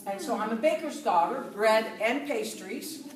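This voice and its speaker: A woman's voice: fairly high pitch, moderate pace, far from the mic, slight background noise. Chatty Dutch woman in her fifties, echoey room. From southern Netherlands. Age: 50s. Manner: lively and chatty, laughs often. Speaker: speaker giving a talk to a group. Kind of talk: casual talk to an audience.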